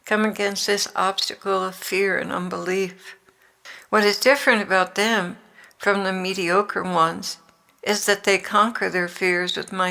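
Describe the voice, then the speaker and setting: Jesus speaks as a tender, exhorting divine man, voiced by an older woman in her own voice. The tone is bright with a gravelly edge, and the delivery is unhurried. It is a devotional reading. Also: mid-range voice.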